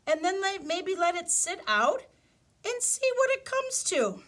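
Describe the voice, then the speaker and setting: A preschool teacher, a woman, talks to little children through a camera with a high, bouncing voice that leaps up and down. She takes her time, counting aloud and cheering in a sing-song way. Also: wildly swooping pitch, measured pace. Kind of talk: animated online lesson for small children.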